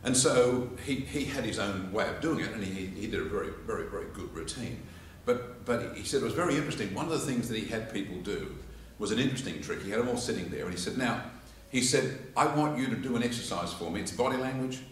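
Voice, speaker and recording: A man's voice: lowish voice, quick pace, hardly any pauses, far from the mic, a little hiss or hum. Australian man lecturing in an echoey hall. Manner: animated storyteller, acts out quotes and laughs along. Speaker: public speaking teacher. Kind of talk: informal lecture with demonstrations. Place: church hall with live audience.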